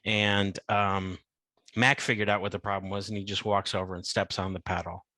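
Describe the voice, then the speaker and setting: Bright-voiced man recapping a concert. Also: on the low side, little pitch movement, moderate pace, dry recording. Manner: chatty, full of fillers. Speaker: podcast host. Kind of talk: casual podcast recap.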